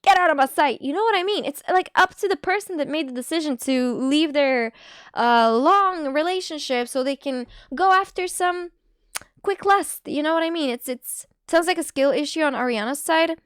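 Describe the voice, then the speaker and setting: High-voiced giggly woman streamer. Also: lively intonation, a bit bright, no echo, clean studio sound. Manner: chatty, giggly, full of "like" and quick asides. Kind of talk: casual live-stream chat.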